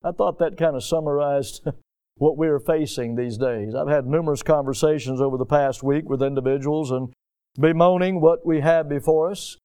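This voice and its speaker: A man preaches a sermon in a fairly high, smooth and resonant voice. He speaks earnestly and slows down to lean on key phrases. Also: mellow. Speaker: pastor.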